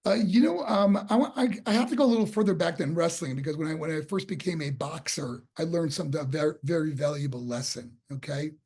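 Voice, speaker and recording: A former boxer from New York State tells his story as a guest in a casual interview, speaking fast with few pauses in a fairly high, slightly rough voice. He's an animated storyteller who acts out the voices he quotes and repeats or restarts words when excited.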